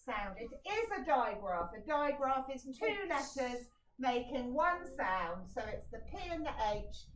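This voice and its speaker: A woman teaching a phonics lesson to young children, sounding out words slowly and praising them. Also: sits high, very animated, slight background noise. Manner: encouraging, sounds out words syllable by syllable. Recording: echoey room, voice a little far from the mic.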